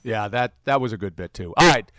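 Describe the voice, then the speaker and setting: A radio host briskly signs off a guest. His mid-pitched voice is smooth and clear, and the sound is dry and close. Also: a bit bright, no echo. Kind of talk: radio sign-off.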